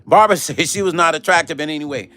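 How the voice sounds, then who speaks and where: A middle-aged man hosting a casual live stream, telling gossipy stories in an animated way, swearing and reading out chat comments. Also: on the high side, quick pace, faint music behind. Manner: animated, swearing, acts out quoted voices, talks to chat.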